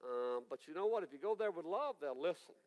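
A preacher in his sixties tells his sermon as a folksy, animated story. His voice sits high and sounds smooth and resonant. A long echo trails behind him, as in a big hall. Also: brisk, muffled recording. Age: 60s.

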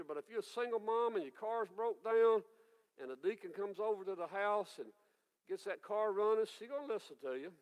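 A man's voice: high voice, big-room sound, poor audio. Folksy preacher in his sixties. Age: 60s. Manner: folksy, animated storytelling. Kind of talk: storytelling sermon.

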